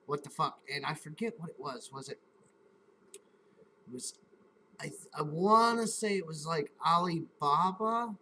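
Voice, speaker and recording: Slightly high-voiced man telling a rambling story. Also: lively intonation, measured pace, long pauses, bright, forceful tone, a little hiss or hum, rough recording. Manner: profane, rambling, acts out his own reactions. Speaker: live stream host. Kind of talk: casual storytelling chat.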